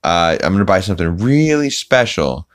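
A man's voice: sits low, sing-song, moderate pace. A man voicing a boastful, dim-witted middle-aged family man in a raised, goofy voice.

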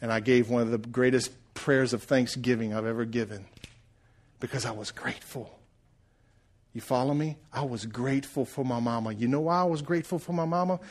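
A middle-aged man preaching a sermon, rising loud and then dropping to a hush. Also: mid-range voice. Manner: preaching, swells loud then drops to hushed. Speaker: pastor.

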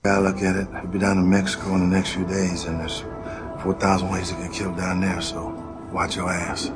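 An actor playing a tough soldier, speaking in a put-on Southern drawl so mumbled that it is hard to understand, from a film clip. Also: male voice, deep voice, level tone, brisk, natural voice. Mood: wry. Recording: film soundtrack with music under it.

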